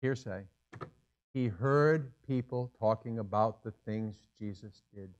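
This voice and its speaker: A man's voice: on the low side, slow, a little mellow, highs cut off. Man preaching with rhetorical questions. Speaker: pastor. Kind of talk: sermon. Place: church sanctuary.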